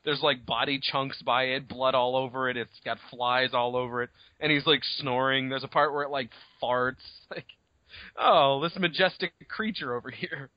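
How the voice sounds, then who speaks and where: A man co-hosting a podcast, retelling a story in a casual, profane, animated way on dull lo-fi audio. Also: medium pitch, normal speed, hardly any pauses, no echo. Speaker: podcast co-host. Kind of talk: casual chat.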